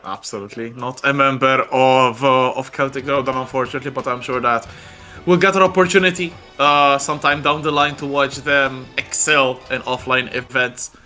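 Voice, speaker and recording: A man's voice: mid-range voice, steady tone, moderate pace, pushed and bright, faint music behind. A man co-commentating a fighting game match live, analytical and hesitant with lots of filler words.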